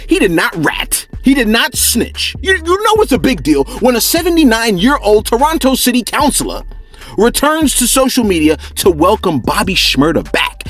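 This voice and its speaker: A male entertainment host giving slangy, animated celebrity gossip commentary and chuckling often as he talks. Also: sits high, husky.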